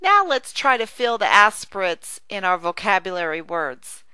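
A woman teaching an online phonics lesson, enunciating each word slowly and carefully. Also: medium pitch, big pitch swings, sharp tone, smooth, no echo. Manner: slow, careful, drawn-out enunciation. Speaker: reading teacher.

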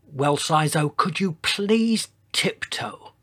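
A man's voice: fairly high pitch, slow, fairly bright tone, pitched above the performer's own voice. A man voicing a kind, sensible mother iguanodon in a raised, motherly voice, reading a storybook aloud. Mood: kindly. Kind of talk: storybook voice acting.

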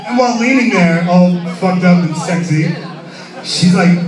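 A man tells an animated, profane story on stage, laughing through his lines in a fairly high voice. He is heard from a distance in a reverberant live club, over loud crowd noise and band music. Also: unhurried. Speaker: performer telling a story on stage. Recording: roomy live venue, far from mic.

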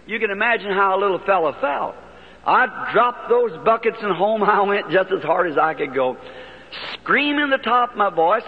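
A preacher tells his story with folksy earnestness, his voice sitting high for a man and carrying a husky edge. The archival recording sounds dull and muffled, and his words ring out through a large auditorium with a long echo. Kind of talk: sermon testimony storytelling.

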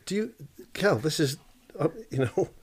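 Guy on a podcast, swears a lot, voice goes up and down a ton, bit high. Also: animated, normal speed. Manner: blunt, sweary, lots of laughing asides. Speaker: podcast co-host. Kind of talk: casual chat.

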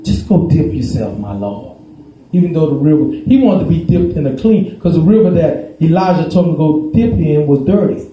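Pastor, dark mellow voice, folksy preaching with shouted peaks, very echoey church. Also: male voice, on the high side, fairly quick, few pauses. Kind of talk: sermon. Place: church sanctuary.

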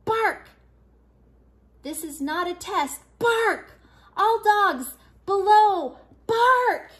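A woman's voice: high voice, steady tone, normal speed, fairly bright tone, voice pushed up. An older woman voicing Big Bark, a boastful male prairie dog who snarls his lines. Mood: shouting.

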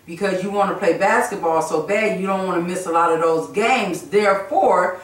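A woman's voice: fairly low pitch, normal speed. A stern mother lectures her son, firm and preachy, circling back over the same phrases. She sounds far from the mic. The room around her is very echoey. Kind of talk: prank skit, casual scolding.

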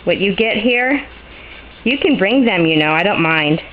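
A woman's voice: medium pitch, lively intonation, unhurried, lo-fi sound, slight background noise. A woman filming her pet parrot at home, out of breath and cooing at the bird in affectionate baby talk. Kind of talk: casual home video talk. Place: home garden and kitchen in the rainforest. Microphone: handheld camera mic.

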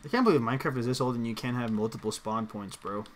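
A man's voice: medium pitch, fast talker. A man chatting casually on a game stream, slangy and joking, breaking into song. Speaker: streamer co-host. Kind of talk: casual gaming stream chat.

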